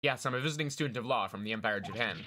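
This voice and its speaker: A man's voice: medium pitch, rapid-fire, bright, forceful tone, slight background noise, natural voice. A man reading game dialogue aloud as a polite, slightly hesitant young male defense lawyer.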